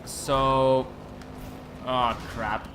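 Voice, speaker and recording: A young Belgian man with a Dutch-native accent, a gaming YouTuber, commentates on a racing game, rambling, stumbling over his words, and swearing casually. His medium-pitched voice is a bit bright, barely moves in pitch, and comes at a very slow pace. Slight background noise can be heard.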